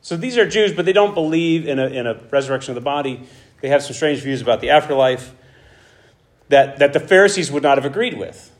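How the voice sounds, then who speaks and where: A man preaching a conversational Bible teaching, who acts out the dialogue with animated asides. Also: medium pitch, a little fast.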